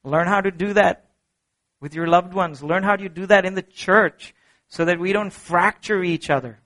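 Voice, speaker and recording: A middle-aged pastor preaches a sermon at normal speed, earnest and emphatic. He swings between soft, low passages and ringing peaks.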